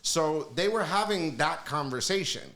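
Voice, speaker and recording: Unhurried and expressive, a man with a slightly high, fairly bright voice shares casual stories as a guest on a podcast. A music executive, he talks loosely with plenty of profanity, often asking "you know what I mean".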